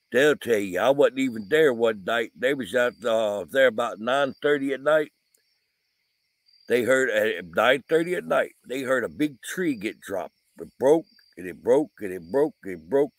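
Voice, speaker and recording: A man's voice: medium pitch, no echo. Rambling man outdoors at night. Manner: rambling, folksy storytelling with frequent fillers. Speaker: vlogger, paranormal investigator. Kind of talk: casual storytelling vlog. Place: outdoors at night by a camper van. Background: crickets and insects.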